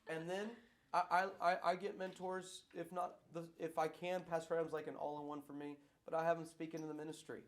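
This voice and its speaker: A middle-aged man, a pastor, answering audience questions in a lively, playful way that keeps circling back on its points. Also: on the high side, brisk. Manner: animated preacher, playful, repeats himself.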